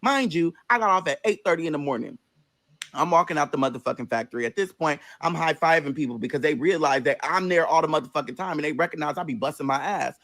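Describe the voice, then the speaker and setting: Brief: animated, foul-mouthed man telling a storytime, fairly high voice. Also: quick pace. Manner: animated, profane, sassy. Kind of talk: casual storytime.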